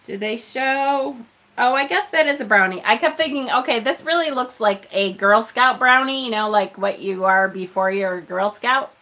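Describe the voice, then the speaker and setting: A woman's voice: fairly high pitch, normal speed, pushed and bright. A woman hosting a casual live stream, chatting with viewers as she unboxes a tarot deck, self-deprecating and laughing often.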